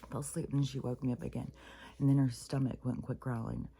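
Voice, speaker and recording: A woman's voice: a bass voice, fairly even intonation, fast talker, vocal fry, mellow, slightly rough. A woman, the regular host of a spiritual vlog, talking in a loose, rambling way, venting with lots of swearing and sometimes dropping to a whisper. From Pacific Northwest of the US. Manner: profane, irritated venting, trailing into whispers. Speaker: spiritual vlogger. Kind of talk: rambling casual monologue.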